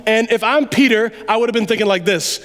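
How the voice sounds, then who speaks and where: A man preaching a sermon in a church, talking to the congregation in an animated, conversational way that drops suddenly to quiet asides. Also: sits high, fairly quick. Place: church sanctuary. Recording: long reverb of a large hall.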